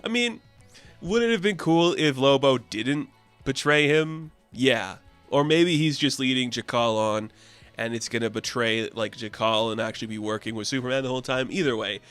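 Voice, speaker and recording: A man's voice: medium pitch, normal speed, fairly bright tone, smooth, dry recording, faint music behind. A man casually reviewing a comic issue with offhand, slangy asides. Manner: laid-back, offhand, recaps with slangy asides.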